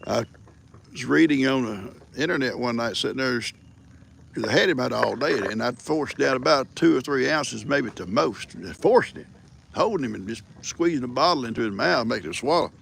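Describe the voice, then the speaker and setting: A man's voice: mid-range voice, animated, normal speed, gravelly, fairly bright tone, slight background noise. An older man, telling folksy stories and teasing his viewers in a casual livestream from a farm. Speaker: livestream host. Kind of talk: casual rambling storytelling.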